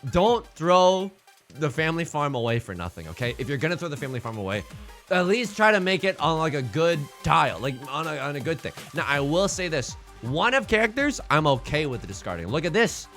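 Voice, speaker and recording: A man giving live mahjong commentary to his chat, theatrical and quick to swing between mock outrage and laughter. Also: a little high, very animated, sharp tone, faint music behind. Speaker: mahjong streamer.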